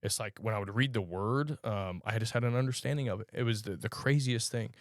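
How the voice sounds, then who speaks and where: A man sharing his personal testimony as a podcast guest, telling his story in a halting, earnest way with frequent pauses. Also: lowish voice, no echo, studio quality. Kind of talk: personal testimony in a conversational interview.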